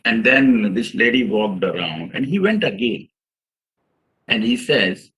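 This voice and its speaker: Bright-voiced man lecturing. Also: on the low side, animated, measured pace, poor audio. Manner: earnest, addresses audience as "sir", acts out quotes. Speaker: chartered accountant giving a professional seminar. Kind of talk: seminar lecture with storytelling.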